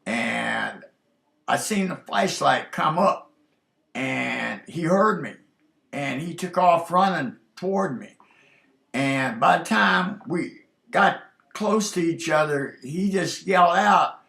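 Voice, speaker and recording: A man telling a personal story in a halting, earnest way, pausing often on fillers. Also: a little high, animated, vocal fry, a bit bright. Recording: roomy echoey recording.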